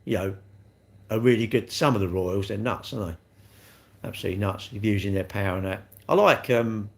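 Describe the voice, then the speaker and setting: A man's voice: fairly low pitch, brisk, vocal fry. A man, hosting a casual livestream, rambling and joking at himself as he answers viewers' comments and laughs often. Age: 60s. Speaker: livestream host.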